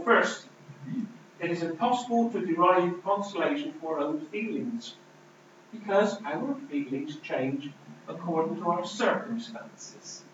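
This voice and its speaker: A man preaching a sermon, emphatic, swinging between loud declarations and hushed lines. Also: sits high, a little hiss or hum. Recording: distant, roomy, dull hall recording.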